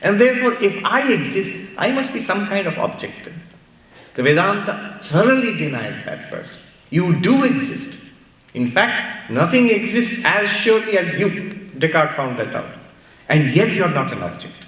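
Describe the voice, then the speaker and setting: A man with an Indian English accent giving a spiritual talk in a large hall, animated and playful as he tells stories. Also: sits high, normal speed. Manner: animated storytelling with playful asides. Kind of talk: sermon-style lecture. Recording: echoey hall, mic far off.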